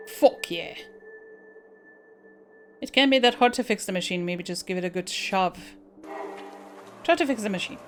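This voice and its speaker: A woman's voice: medium pitch, a bit bright, soft background music. Woman reading game text aloud, swearing. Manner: reads on-screen text aloud, breaks off with blunt swearing and quick asides. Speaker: video game player.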